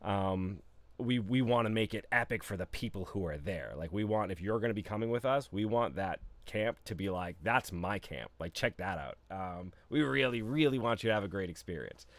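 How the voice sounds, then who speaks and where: A man's voice: lowish voice, fairly quick, dry recording. A man co-hosting a live stream, chatting casually and loosely with lots of fillers and restarts. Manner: laid-back, rambling with many fillers and restarts.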